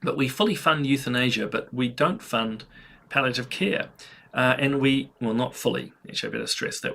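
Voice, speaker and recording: Gravelly New man commenting. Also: mid-range voice, sharp tone. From New Zealand. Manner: earnest, frequent fillers and restarts. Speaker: commentary host. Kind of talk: opinion commentary.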